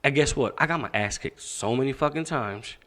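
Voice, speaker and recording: Here a young man from Pakistan, who coaches boxing, shares his life story during a podcast interview. His mid-range voice runs a little fast, and he curses freely while dramatizing the conversations he quotes.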